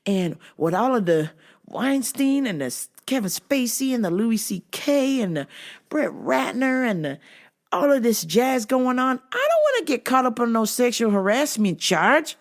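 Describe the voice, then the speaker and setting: A woman's voice: a little high, sing-song, normal speed. A woman hosting a podcast, telling profane, joking stories in a casual comedic monologue and acting out sounds and voices. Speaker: podcast host.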